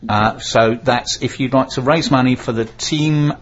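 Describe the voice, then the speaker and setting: A man's voice: mid-range voice, a little slow, dull audio. A man hosting a casual local radio talk show, reading out notices with frequent fillers. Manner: chatty, reads notices aloud with fillers and stumbles.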